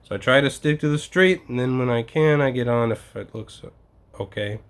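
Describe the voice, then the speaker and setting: A man's voice: mid-range voice, moderate pace, smooth. Exasperated man ranting, swearing freely. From United States. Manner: profane, exasperated storytelling. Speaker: vlogger. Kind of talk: casual ranting vlog.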